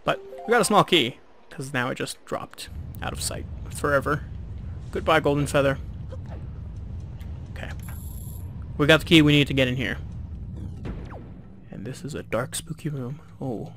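Gravelly-voiced let's play guy. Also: mid-range voice, normal speed, pauses often, soft background music. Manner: relaxed, chatty, self-deprecating. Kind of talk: casual gameplay commentary.

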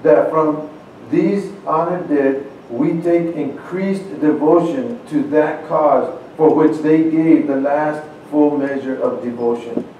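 A man's voice: on the high side, slow, highs cut off, a little hiss or hum. A man addressing a congregation, reading old founding documents aloud and talking earnestly between them, often stopping to repeat his words. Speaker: church speaker. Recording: very echoey room, speaker far from mic.

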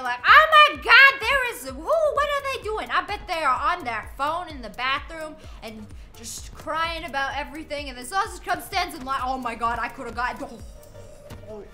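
A young woman streamer rambles through a story while she plays, breaking off to curse at the game and laugh. Her voice sits high and bright. Faint music plays underneath. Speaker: gaming streamer. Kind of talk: casual storytelling while playing.

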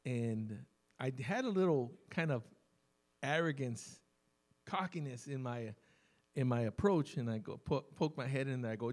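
A man preaching a sermon as pastor, telling stories conversationally and slowing down to stress key words. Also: medium pitch, a little mellow. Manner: conversational storytelling preacher, emphatic with sudden slow stresses. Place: church service.

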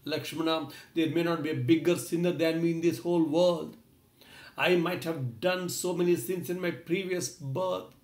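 Man voicing a heartbroken prince, raised and lamenting, pitched up, echoey room. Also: steady tone, fairly quick, few pauses, lightly acted. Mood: grieving lament. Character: grief-stricken prince weeping for his lost wife.

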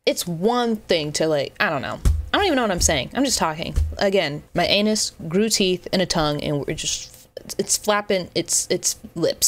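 A woman's voice: lowish voice, expressive, moderate pace, soft background music. A young woman doing unscripted casual commentary on a social media thread, rambling and joking with lots of restarts. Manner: rambling, joking, self-deprecating, many restarts. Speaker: YouTuber reacting to a Twitter thread.

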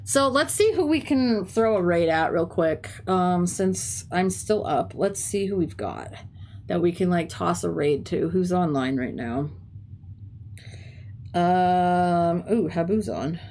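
A woman's voice: on the low side, expressive, slow pace, darkish tone, a little hiss or hum. Chatty young woman with a stuffy nose. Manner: chatty storytelling with frequent "like" and swearing. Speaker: teacher and game streamer. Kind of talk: casual chat while streaming.

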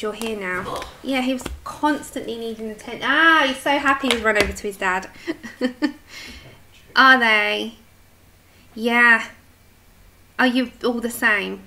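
A woman's voice: on the high side, sharp tone. A woman chatting casually as she hosts a colouring livestream, reading comments aloud and talking to her dog. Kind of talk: casual chat with live chat. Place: home, at her desk.

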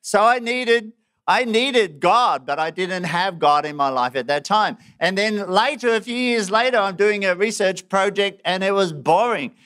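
Man, sermon, clear resonant tone, fairly high pitch, laughs at himself. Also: unhurried. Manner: self-mocking, animated, laughs often. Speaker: preacher.

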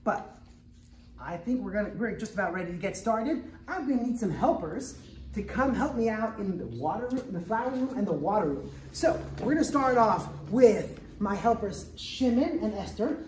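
A woman's voice: medium pitch, animated, moderate pace, a little mellow. A woman presenting a hands-on lesson to a group of children, upbeat and coaxing as she leads them in call-and-response. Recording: echoey room, faint background noise.

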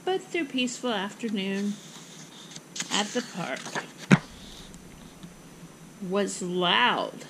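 Slow, expressive woman reading a picture book. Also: medium pitch, background noise. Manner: slow, expressive, rhythmic phrasing. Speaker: storybook reader. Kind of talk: children's book read-aloud.

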